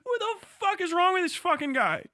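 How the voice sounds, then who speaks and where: A very high-voiced man rants live in disbelief and swears through every line. His tone is bright and forceful. The recording is close and dry. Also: a little fast, no room sound. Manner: profane, incredulous, animated. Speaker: livestreamer. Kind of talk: crude reaction commentary.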